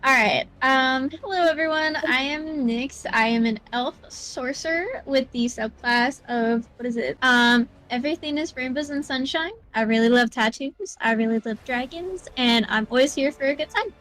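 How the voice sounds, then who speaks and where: A woman's voice: high voice, normal speed, hardly any pauses, fairly bright tone, poor audio. A woman playing in a tabletop game over a call, giggly and joking as she introduces her character. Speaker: player. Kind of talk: casual game chat.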